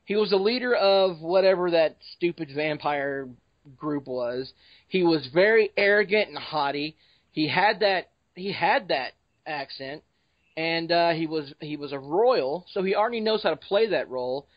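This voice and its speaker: A man hosts a casual podcast chat, leading the talk with loose jokes. His voice sits a little high. The sound is dry and close, with dull lo-fi quality. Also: expressive, moderate pace, dry recording. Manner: joking, informal, leads the discussion. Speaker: podcast host.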